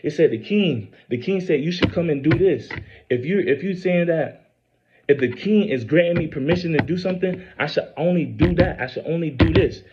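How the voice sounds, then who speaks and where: A man's voice: fairly high pitch, noisy background. Preachy, rambling man on lo-fi audio. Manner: preachy, rambling, repeats phrases, swears; reads scripture aloud haltingly. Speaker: self-posting religious speaker. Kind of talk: informal religious monologue. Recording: dull lo-fi recording.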